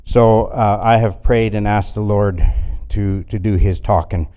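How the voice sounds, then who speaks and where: A man preaching a sermon in a folksy way, swinging between loud bursts and quiet asides. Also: lowish voice, fairly even intonation, a little slow.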